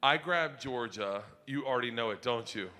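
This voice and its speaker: A middle-aged man performing a stand-up comedy set on stage, telling rowdy stories loudly with big swings. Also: mid-range voice, moderate pace. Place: comedy stage before a live audience.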